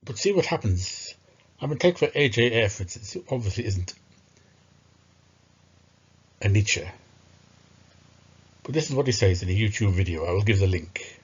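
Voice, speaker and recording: A man's voice: lowish voice, expressive, normal speed, pauses often, breathy edge. A man giving discursive, scornful commentary on philosophy, thinking aloud with hesitations. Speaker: philosophy video narrator. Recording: muffled lo-fi recording.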